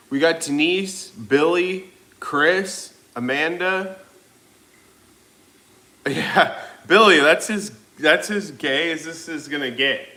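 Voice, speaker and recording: Slow-talking bright-voiced male streamer. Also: fairly high pitch. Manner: laid-back, joking, profane. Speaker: livestream host. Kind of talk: casual chat reading viewer comments. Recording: echoey room.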